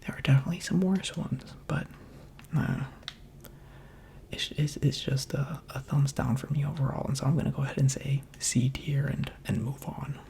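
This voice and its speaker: Mellow, gravelly whispering man. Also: medium pitch, steady tone, normal speed. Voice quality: soft, mostly unvoiced whisper. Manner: chatty, rambling and playful, with filler words. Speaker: gaming ASMR creator. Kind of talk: whispered ASMR gaming commentary.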